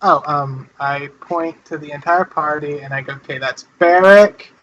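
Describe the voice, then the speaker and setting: Eager, bright-voiced man playing a game. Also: fairly high pitch, dull audio. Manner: animated, eager, quick bursts. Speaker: player. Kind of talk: tabletop role-play.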